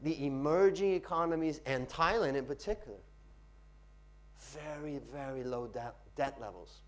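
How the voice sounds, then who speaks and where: A man giving a live workshop talk on pitching to an audience in a seminar room, varying his loudness and pace for effect. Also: moderate pace.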